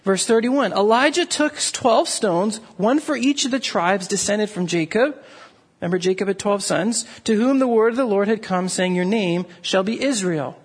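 A man preaching a sermon, reading scripture and explaining it in an animated way, often asking his listeners "right?". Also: high voice, normal speed, husky. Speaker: pastor.

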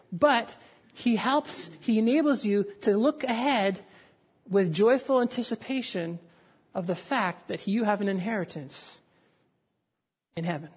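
A man's voice: sits high, breathy edge. A man preaching a sermon, telling a story with dramatic rises and falls. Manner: dramatic storytelling, voices raised for the crowd.

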